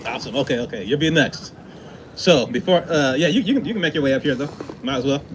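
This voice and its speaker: A man's voice: mid-range voice, animated, fast, low-quality recording. A man hosting an outdoor protest, thanking the crowd and introducing speakers, often repeating himself. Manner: warm, repeats words, restarts often. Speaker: event host. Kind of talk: casual emcee remarks. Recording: faint outdoor noise.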